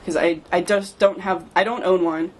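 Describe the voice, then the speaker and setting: A woman's voice: lowish voice, fairly even intonation, moderate pace, a little hiss or hum. A woman guest on a podcast, chatting casually and telling anecdotes with a laugh. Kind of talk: casual chat.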